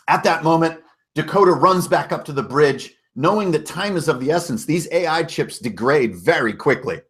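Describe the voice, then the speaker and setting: A man narrating a tabletop game recap as game master, casual and storytelling, with self-corrections and mild swearing. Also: medium pitch.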